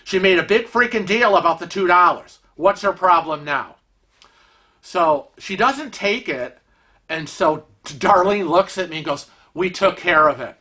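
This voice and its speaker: Bright-voiced man telling a lively story. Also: high-pitched, a little slow. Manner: animated, acts out quoted voices. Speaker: vlogger telling a travel story. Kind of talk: casual storytelling.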